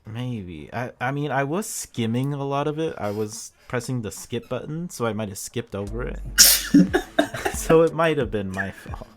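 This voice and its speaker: A man's voice: mid-range voice, lively intonation, moderate pace, darkish tone. A man casually chatting and reading a visual novel aloud, laughing and teasing often. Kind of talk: casual chat.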